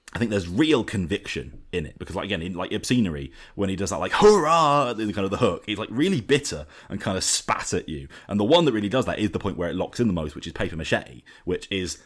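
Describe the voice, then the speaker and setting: A man's voice: sits low, lively intonation, fast, slightly rough. A man hosting a podcast, chatting casually and animatedly about an album with many fillers and restarts. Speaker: podcast host. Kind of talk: casual album review chat.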